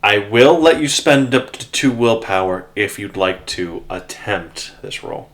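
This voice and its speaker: Low-voiced man running a tabletop game. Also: lively intonation, a little slow, a bit bright. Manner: laid-back, hesitant with fillers. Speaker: game master.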